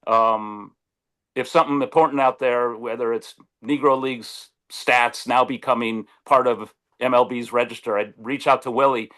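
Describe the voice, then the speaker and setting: A man's voice: mid-range voice, normal speed. Man telling stories on a video call. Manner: animated, restarts often, acts out quotes. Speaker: sportswriter guest. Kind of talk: casual storytelling on a video call.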